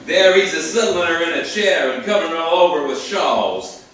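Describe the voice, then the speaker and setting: An actor with a rural American Yankee accent playing a brash, shrewd, folksy American on a theater stage, talking in bold, teasing slang. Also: male voice, fairly high pitch, lively intonation, brisk, a bit bright. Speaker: actor in a play reading. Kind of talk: stage play reading. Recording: very echoey theater, distant mic, faint hiss.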